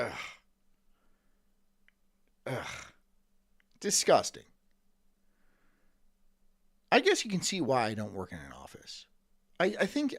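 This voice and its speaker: A man ranting sarcastically on a live stream, swearing often and slipping into mocking voices. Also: medium pitch.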